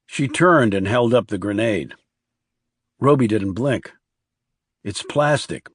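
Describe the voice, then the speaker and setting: A man reading a crime thriller audiobook aloud in a low, hushed storytelling delivery. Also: a little slow, husky, no room sound, studio quality. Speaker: audiobook narrator. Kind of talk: scripted narration.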